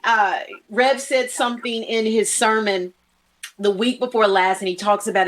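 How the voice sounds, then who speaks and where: A woman's voice: mid-range voice, unhurried. A woman hosting a church program conversation, encouraging her guest and quoting scripture. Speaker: host.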